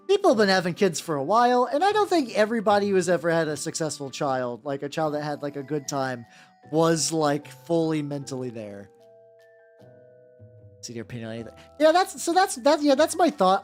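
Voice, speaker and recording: A woman in her thirties chatting casually as a streamer while she paints, rambling and restarting her sentences with a wry edge. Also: lowish voice. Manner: rambling, self-interrupting, wry. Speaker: VTuber streamer.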